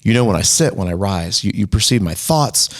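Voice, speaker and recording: A man's voice: lowish voice, expressive, a little fast. A man co-hosting a casual faith podcast, talking earnestly, quoting scripture and throwing in jokes. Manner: earnest, preachy, quotes scripture, joking asides. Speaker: podcast co-host.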